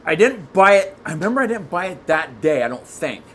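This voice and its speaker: Excitable rambling male podcast guest, slightly high pitch, light background noise. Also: a little fast. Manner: excitable, rambling, many restarts. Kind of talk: casual storytelling chat.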